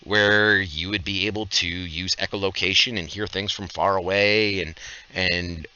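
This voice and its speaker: Host, male, deep and sharp-toned, rambling rules explainer, lo-fi stream sound. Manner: explains rules at length with many fillers. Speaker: podcast host and game master. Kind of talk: casual podcast Q&A.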